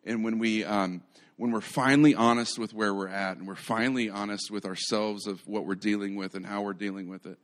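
This is a live sermon from a man with a lowish, steady voice who talks fairly quickly. His preaching is conversational, and he retells stories animatedly, often restarting his phrases.

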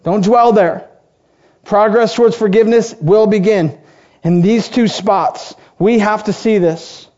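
A man's voice: high-pitched, measured pace, darkish tone, lo-fi sound. A man preaching as pastor, emphatic and repeating key phrases as he builds his lists. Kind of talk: sermon.

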